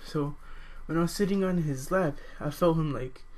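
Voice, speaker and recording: A young man telling a personal story in a halting, hesitant way, full of fillers, now and then jumping to a higher voice to quote people. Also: a little mellow. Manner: acts out quoted voices with sudden high pitch.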